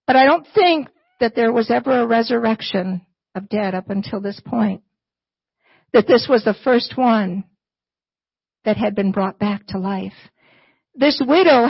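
A woman's voice: fairly high pitch, slightly rough, no room sound, muffled recording. A woman preaching and reading scripture to her church, earnest and emphatic and repeating key phrases. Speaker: church speaker, not the pastor.

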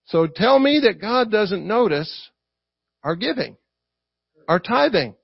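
A man with a Southern US accent preaching a lively sermon, acting out quotes and asking the congregation for responses. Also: high-pitched, slow, vocal fry, husky, dry recording. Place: church. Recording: dry, dull lo-fi recording.

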